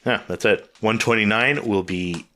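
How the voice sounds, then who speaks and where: A man's voice: on the low side, moderate pace, pushed and bright. A man hosting a podcast in casual chat, playful and teasing, steering the discussion. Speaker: podcast host.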